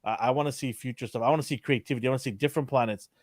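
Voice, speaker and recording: A man's voice: medium pitch, rapid-fire, no echo, clean studio sound. Opinionated man ranting in casual chat. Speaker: podcast co-host.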